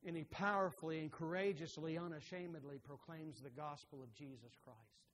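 High-voiced preacher in a ringing hall. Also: male voice, steady tone, normal speed, a bit bright, slight background noise. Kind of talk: sermon. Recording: long reverb of a large hall.

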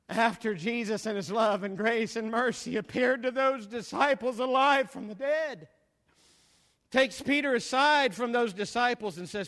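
High-voiced preacher in a ringing hall. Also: male voice, a little slow, pauses often, a bit bright. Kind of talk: sermon. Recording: long reverb of a large hall.

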